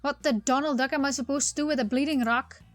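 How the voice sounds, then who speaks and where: A woman's voice: high voice, steady tone, fast, no echo, faint music behind, lightly acted. A woman voicing a bumbling male police constable with a put-on Cockney accent, melodramatic and weepy, in a text game. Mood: apologetic. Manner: weepy, melodramatic, rhyming slang.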